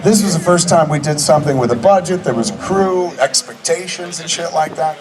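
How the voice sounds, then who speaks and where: A man's voice: fairly high pitch, a little fast, a crowd in the background. A man in his forties telling rambling, profane anecdotes to a live screening audience. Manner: rambling, profane, animated storyteller. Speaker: filmmaker guest at a screening Q&A. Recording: distant mic with audience noise.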